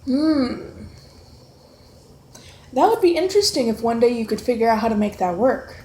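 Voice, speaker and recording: A woman chatting casually with her child at home, encouraging and gently coaxing in a motherly way. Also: fairly high pitch, animated, normal speed. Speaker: mother homeschooling her son. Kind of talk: casual family chat. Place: home, at the breakfast table. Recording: echoey room with faint background noise.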